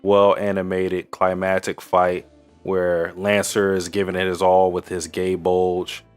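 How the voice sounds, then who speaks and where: A man's voice: sits low, completely flat delivery, a little slow, clear, resonant tone, faint music behind. A man co-hosting a podcast, casually recapping anime episodes with crude jokes and lots of fillers. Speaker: podcast co-host.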